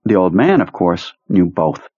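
A man narrating a novel in a low, husky voice with a steady, measured pace. The recording is dry and close, with a dull, muffled tone. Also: no echo. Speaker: audiobook narrator. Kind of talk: scripted narration.

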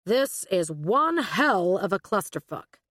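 A woman's voice: mid-range voice, big pitch swings, takes it slowly, fairly bright tone, dry recording, clean studio sound, full character voice. A woman voicing a large, crew-cut male agent who speaks in a brusque, commanding way.

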